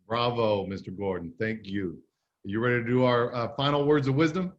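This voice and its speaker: Principal chiming in over lo-fi audio. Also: male voice, medium pitch, moderate pace. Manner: brief, approving interjections. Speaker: principal hosting announcements. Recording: dull lo-fi audio.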